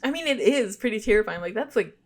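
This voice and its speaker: A young woman co-hosting a podcast, reading spooky stories aloud and stopping to chat, giggly and quick to apologize for her stumbles. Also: medium pitch, animated. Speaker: podcast co-host.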